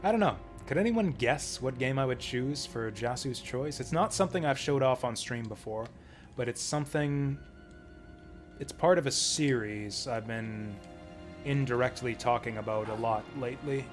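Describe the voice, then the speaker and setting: A man's voice: medium pitch, normal speed, soft background music. A man streaming a video game, giving casual commentary in a rambling, joking way with frequent chuckles.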